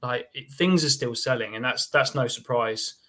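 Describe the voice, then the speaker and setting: A man's voice: medium pitch, normal speed, fairly bright tone. A man, an estate agent, talking loosely and conversationally on a video call. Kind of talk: casual chat.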